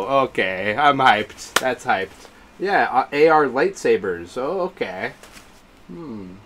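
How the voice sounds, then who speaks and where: A man's voice: mid-range voice, sing-song, slow pace, fairly bright tone, slight background noise. A man streaming live, reacting to announcements with gushing exclamations and greeting his chat viewers.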